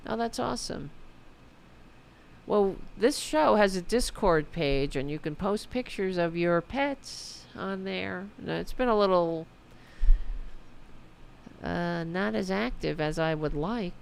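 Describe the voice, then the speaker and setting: Gravelly, rambling woman podcast host. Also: on the low side, a little slow, slight background noise. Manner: rambling, self-mocking, swears freely. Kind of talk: casual late-night livestream chat.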